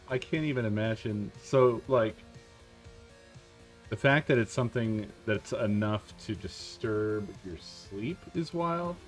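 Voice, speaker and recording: Slow-talking man, laughing along. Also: lowish voice, lively intonation, faint music behind. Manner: laughs a lot, brief reactions. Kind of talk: casual chat.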